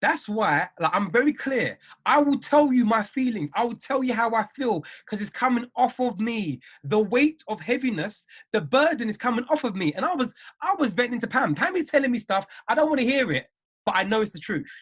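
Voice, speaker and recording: Husky-voiced man coaching. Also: very high-pitched, expressive, brisk, fairly bright tone. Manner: emphatic, repeats phrases, preachy. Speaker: trading mindset coach. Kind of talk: live-stream motivational talk answering viewers.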